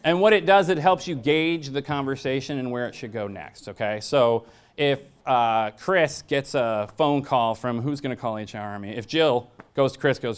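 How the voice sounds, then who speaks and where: A man's voice: medium pitch, moderate pace, clean tone. A man presenting a staff training workshop. He talks bluntly and jokes through his stories, and he often asks the audience questions. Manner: blunt, joking, storytelling.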